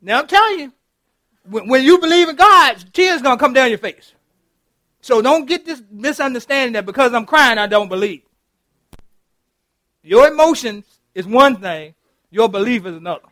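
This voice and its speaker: A middle-aged man preaches with a very high, ringing voice. He is animated and laughs often, keeps checking in with his congregation, and sounds close and dry with no echo. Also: normal speed, pauses often. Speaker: pastor. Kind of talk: interactive sermon. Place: church.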